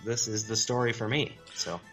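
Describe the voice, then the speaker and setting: A man's voice: lowish voice, moderate pace, a bit bright, faint music behind. A man co-hosting a podcast, chatting in a laid-back, joking way with crude humor. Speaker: podcast co-host. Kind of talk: casual podcast chat.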